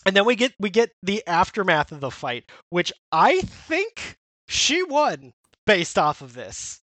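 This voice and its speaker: A man with a fairly high voice talks through a comic in a loose, rambling podcast chat, full of fillers and restarts. The recording is close and dry, with no room sound. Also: very animated, sharp tone, dry recording. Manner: rambling, many fillers and restarts, quick quoted character lines. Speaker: podcast co-host. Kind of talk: casual chat recapping a manga.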